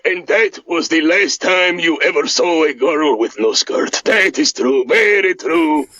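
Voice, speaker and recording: A man's voice: high-pitched, sing-song, normal speed, gravelly, bright, forceful tone, slightly rough, no room sound, full character voice. A man voicing Boris, a haughty, insulting grown man with stiff formal phrasing and a scornful manner, on a dull lo-fi recording. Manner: scornful, mocking.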